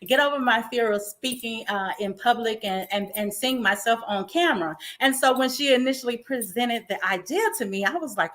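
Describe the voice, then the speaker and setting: A woman host speaks in a bright, slightly high voice. She talks in an emotional, effusive, faith-filled way, encouraging and uplifting her audience. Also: animated, moderate pace. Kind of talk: inspirational talk-show monologue.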